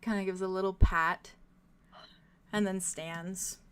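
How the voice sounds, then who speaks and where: A woman's voice: mid-range voice, fairly even intonation, slow pace, a bit bright, clear, resonant tone. A young woman narrating a tabletop game as game master, descriptive and full of fillers. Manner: descriptive, many fillers like "like" and "kind of".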